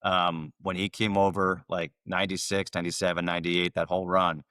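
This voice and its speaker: Man, deep voice, upbeat podcast host, dry sound. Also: level tone, brisk, bright, forceful tone, clear, resonant tone, dry recording. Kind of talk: casual interview.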